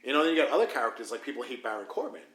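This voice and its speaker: A man's voice: medium pitch, sing-song, rapid-fire, a bit bright. Opinionated man from New York, roomy sound. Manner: opinionated, explanatory, laughs easily. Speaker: podcast host. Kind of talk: casual podcast chat. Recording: roomy with faint noise.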